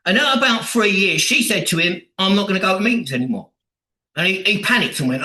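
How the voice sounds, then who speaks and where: A man's voice: high voice, animated, brisk, bright, forceful tone, reverberant, poor audio. A man speaking bluntly at a recovery meeting, swearing a lot and acting out the voices of the people he quotes. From England. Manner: blunt and heavily profane, acts out quoted voices.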